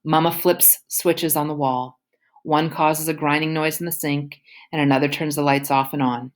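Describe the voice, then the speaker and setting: A woman reads a novel aloud in the first person, casual and youthful in tone. Her voice sits low. The telling is steady audiobook narration. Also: moderate pace.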